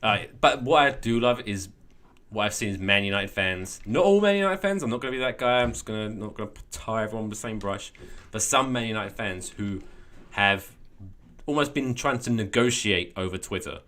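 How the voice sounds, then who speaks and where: Give me a podcast co-host man with a bright voice, telling rambling stories. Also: fairly low pitch, fairly quick. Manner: rambling, animated storytelling. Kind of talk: casual chat.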